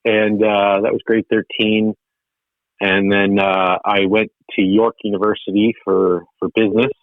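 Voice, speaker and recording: A man's voice: lowish voice, a little slow, no room sound. A man from Ontario, a podcast guest telling his own story casually and animatedly, laughing at himself. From Canada (Ontario). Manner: animated, laughing, self-deprecating. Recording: tinny dry phone line.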